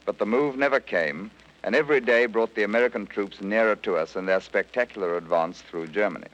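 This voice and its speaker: Man, low voice, old radio recording. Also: a little fast, a bit bright. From Britain. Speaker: released prisoner of war giving a radio account. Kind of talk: scripted first-person radio account. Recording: dull archival radio recording.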